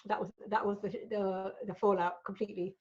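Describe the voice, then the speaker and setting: A woman's voice: mid-range voice, fairly quick, dull audio. Frank woman telling stories. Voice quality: frank and animated, swears freely. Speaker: interview guest. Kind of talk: candid storytelling in a casual interview.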